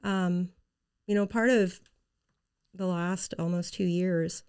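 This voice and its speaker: A woman's voice: lowish voice, fairly even intonation, slow, darkish tone, clear, resonant tone. A woman guest in a casual conversational interview, speaking with a slight lisp, earnest and candid.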